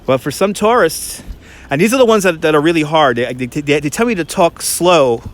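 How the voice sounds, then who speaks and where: A man's voice: on the high side, animated. A man with a Brooklyn accent, a tour guide chatting casually on a livestream as he walks through a snowy park. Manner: chatty, quick, with frequent restarts and laughs. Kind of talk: casual livestream chat while walking.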